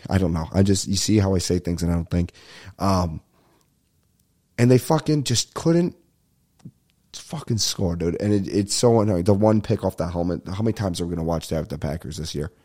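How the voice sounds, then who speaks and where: A young man hosting a casual solo podcast, ranting and telling a story in a profane, rambling, animated way. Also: sits low, normal speed, pauses often. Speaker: podcast host. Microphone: podcast microphone at a desk.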